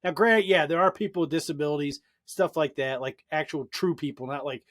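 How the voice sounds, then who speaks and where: Man, podcast co-host, casual political chat, blunt, swears a lot, a bit high-pitched. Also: fairly quick, a bit bright. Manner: blunt, profane, ranting.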